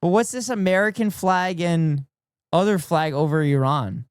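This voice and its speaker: Male streamer, excitable live reaction host, close dry mic. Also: fairly high pitch, normal speed, clear, resonant tone, no echo. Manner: excitable, repeats phrases, laughs often. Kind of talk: casual reaction commentary to chat.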